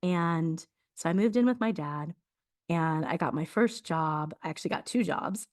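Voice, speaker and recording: A woman's voice: sits low, moderate pace. A woman hosting a casual spiritual conversation, reflective and given to frequent laughter. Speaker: podcast host.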